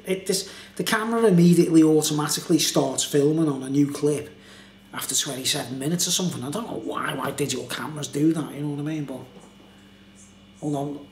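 A man's voice: on the high side, quick pace, slight background noise. A tipsy man reviewing beer in a casual, meandering monologue full of filler phrases. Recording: echoey room.

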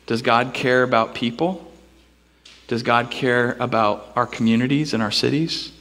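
A man preaching a sermon in a church, telling a story with animated voices for the people in it. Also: unhurried, big-room sound. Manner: storytelling, animated, acts out characters with big pitch jumps. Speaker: pastor. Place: church sanctuary.

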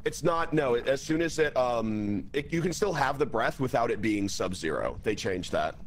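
A man's voice: mid-range voice, expressive, normal speed, slight background noise. A man playing a game with friends, earnestly explaining and protesting in casual chat.

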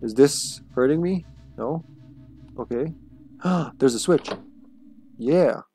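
A man's voice: fairly high pitch, slow pace, mellow, soft background music. Chatty swearing game streamer, man. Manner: chatty, swears freely, talks to chat. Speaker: livestream gamer. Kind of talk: casual live gameplay commentary.

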